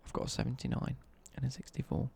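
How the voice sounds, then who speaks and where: A man's voice: mid-range voice, level tone, fast talker, vocal fry, warm tone, slight background noise. Cheeky man streaming games. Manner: cheeky, jokey banter, reads out chat messages. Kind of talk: live game stream chat.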